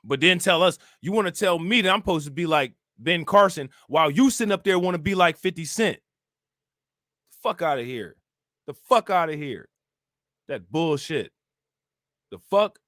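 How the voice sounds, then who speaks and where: A man's voice: fairly high pitch, lively intonation, moderate pace, long pauses, sharp tone, no room sound, studio quality. A young man, ranting profanely on a livestream and firing off repetitive rhetorical questions to his chat. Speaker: livestream political commentator. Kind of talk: casual livestream rant reacting to chat.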